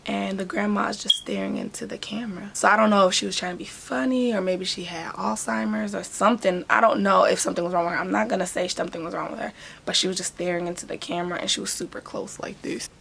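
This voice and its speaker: Gravelly-voiced woman vlogger telling a story. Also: mid-range voice, fast talker, a little hiss or hum. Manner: animated storytelling, talks with hands. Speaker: vlogger and hair braider. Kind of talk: casual storytime vlog.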